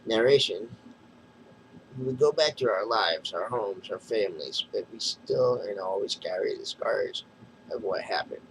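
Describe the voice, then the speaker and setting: A man with a somewhat low voice walks through a comic issue, reading narration boxes and speech bubbles aloud. He stumbles and restarts now and then. A faint background hum sits under the recording. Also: animated, unhurried, low-quality recording. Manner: recounting panels in plain retelling, with mumbled restarts. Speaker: comic book reviewer.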